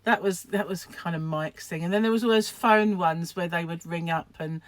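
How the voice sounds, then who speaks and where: A woman's voice: lowish voice, moderate pace, no room sound. An older woman from England chatting to camera in a rambling, self-deprecating way, laughing often. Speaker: vlogger, craft shop owner. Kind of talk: casual chat to camera.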